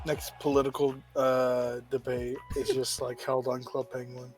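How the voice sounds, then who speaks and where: A young man guest on a game stream, chatting casually in a halting, giggly way that often trails off. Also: medium pitch, completely flat delivery, soft background music. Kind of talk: casual chat.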